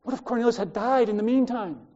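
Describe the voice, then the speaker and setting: The sermon comes from an older Australian man who keeps slipping into personal anecdotes and tangents. His dark, mellow voice is very high-pitched and fast, captured on a slightly muffled, lo-fi recording.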